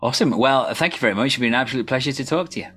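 A man with a husky, mid-range voice that's a little bright hosts a podcast, speaking at a racing clip. He chats casually with his guest in an interview style, hesitating often and laughing along with him.

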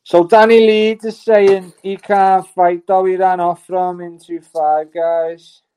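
A laid-back host speaks on a casual live stream, keeping to short remarks and announcements in an easy, unhurried way. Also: mid-range voice, level tone, mellow, clean tone.

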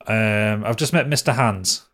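A man's voice: fairly low pitch, unhurried, a bit bright. A man co-hosting a podcast in casual chat, rambling with lots of fillers and casual swearing. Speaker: podcast co-host.

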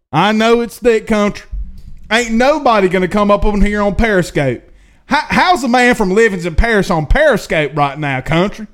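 With a high-pitched voice at a moderate pace, a male sports talk host reads viewer questions on a live stream in a folksy drawl. He keeps things casual and animated, dropping in homespun asides along the way.

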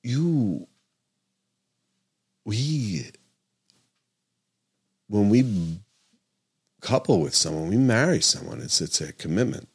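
This middle-aged physician delivers his podcast monologue slowly, with frequent pauses, in a lowish, husky, animated voice. He's earnest and emphatic, restating his points and openly correcting himself as he goes.

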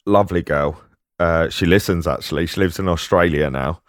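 A man's voice: low voice, normal speed, no room sound, clean studio sound. A middle-aged man with a Cockney accent, co-hosting a podcast and telling stories with laughs. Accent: London Cockney. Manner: laughing anecdotal storyteller. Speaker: podcast co-host. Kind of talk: casual chat, storytelling.

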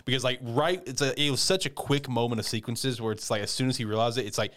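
A man casually recapping an anime episode, rambling and swearing, who jumps into squeaky high voices when he acts out the characters. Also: quick pace, a bit bright.

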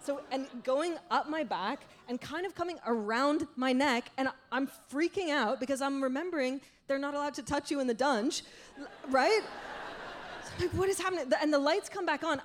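Woman comic with a slightly high voice, animated self-deprecating storyteller, frequent restarts. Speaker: stand-up comedian. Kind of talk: stand-up comedy storytelling. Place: stage.

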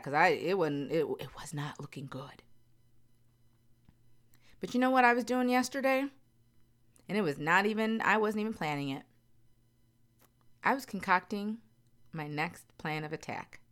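Low-voiced woman talking candidly to viewers. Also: animated, moderate pace, pauses often, fairly bright tone. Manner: earnest, emphatic, repeats phrases for emphasis. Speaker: vlogger. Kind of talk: candid personal talk to viewers.

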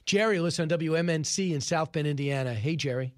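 A man hosting a talk radio show, giving opinionated, emphatic commentary and taking calls. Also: on the high side. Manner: opinionated, emphatic, quick asides. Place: radio studio.

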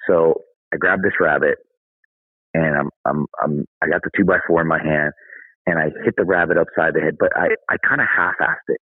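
Low husky man on a phone line. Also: fairly even intonation, brisk, no echo. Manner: candid, conversational, says "dude". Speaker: podcast guest. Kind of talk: casual storytelling.

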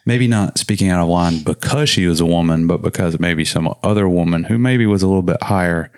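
Deep-voiced man chatting casually. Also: brisk, darkish tone, dry recording. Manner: conversational, trailing off mid-thought. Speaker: podcast co-host. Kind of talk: casual chat.

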